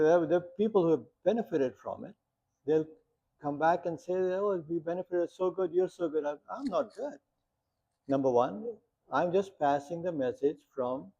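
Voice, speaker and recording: Teaching meditation, a man speaks in a slightly high voice that's creaky, husky and dark in tone. Plain talk, frequent rhetorical questions and short anecdotes fill the class, recorded with muffled lo-fi quality.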